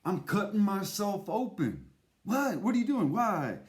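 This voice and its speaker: A shrill, frightened caveman, as a man puts him on yelps the same questions again and again. His voice shoots up high and loud and swings wildly as he panics. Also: huge pitch swings, unhurried, full character voice. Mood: panicked. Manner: frantic, repeating questions.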